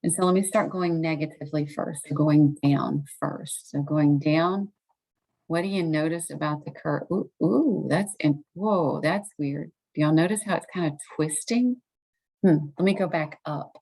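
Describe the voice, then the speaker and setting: Low-voiced tired woman teaching math. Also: a little mellow, rough recording. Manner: chatty, self-correcting, thinking aloud. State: tired, late at night. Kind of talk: recorded lesson walkthrough.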